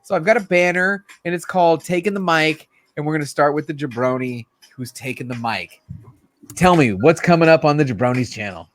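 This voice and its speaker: A man hosting a casual live stream chat, animated and laughing loudly. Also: on the high side, fairly quick.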